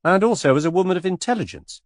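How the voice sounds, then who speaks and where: A man reading an audiobook, voicing a stuffy, indignant middle-aged English gentleman in a formal, booming way. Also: expressive, fast talker, no echo, studio quality. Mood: pompous.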